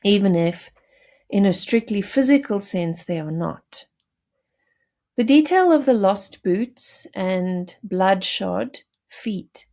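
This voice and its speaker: A woman's voice: mid-range voice, vocal fry, dark tone. A woman teacher giving a recorded lesson, explaining poetry to her students with fillers and self-corrections. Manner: explanatory, addresses students directly.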